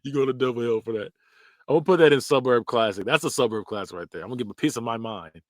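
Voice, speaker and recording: Podcast host, male, mid-pitched, jokey reactions with frequent laughter, dry close sound. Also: racing, dry recording. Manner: laughs often, animated and joking. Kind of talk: casual reaction commentary.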